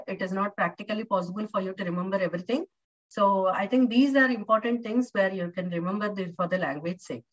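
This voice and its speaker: A woman with an Indian English accent teaching a live online university English lesson, explaining patiently with many fillers and questions to her students. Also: mid-range voice. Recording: distant, muffled online-class audio.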